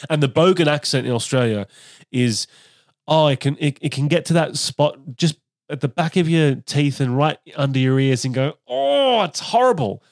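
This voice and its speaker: Animated male comedian hosting a chat. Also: mid-range voice, normal speed, no echo, studio quality. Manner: animated, breaks into impressions and laughs. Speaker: podcast host, comedian. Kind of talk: casual chat interview.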